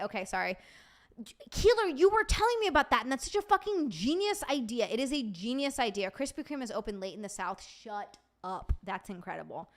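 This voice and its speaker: High-voiced animated woman streamer. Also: brisk. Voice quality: animated, swears freely, reacts to chat. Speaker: streamer host. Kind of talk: casual livestream chat reading viewer comments.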